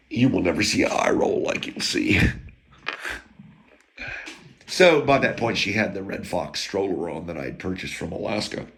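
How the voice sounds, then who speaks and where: Gravelly, bright-voiced man telling a rambling story. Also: lowish voice. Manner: blunt, crude, digressive, with chuckles and rants.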